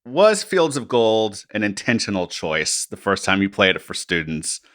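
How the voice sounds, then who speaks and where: Young male interviewer, low pitch, bright tone, dry close mic. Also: sing-song, normal speed, no room sound. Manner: long, carefully hedged questions. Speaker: interviewer, former student. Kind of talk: casual interview questions.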